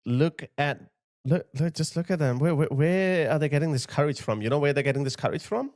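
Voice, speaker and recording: A man's voice: fairly high pitch, a little fast, darkish tone. A man giving impassioned video commentary, emphatic and indignant, driving his points home by repeating phrases. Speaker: political commentator.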